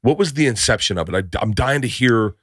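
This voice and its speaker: A man's voice: mid-range voice, expressive, fairly quick, fairly bright tone, dry recording, studio quality. A man hosting a podcast in a casual interview, stumbling and repeating words as he talks.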